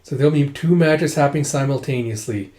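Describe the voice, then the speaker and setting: A man's voice: mid-range voice, a little fast, dark tone, roomy sound. A man casually retelling a manga chapter, leaning heavily on fillers. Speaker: manga recap vlogger. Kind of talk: casual comic recap.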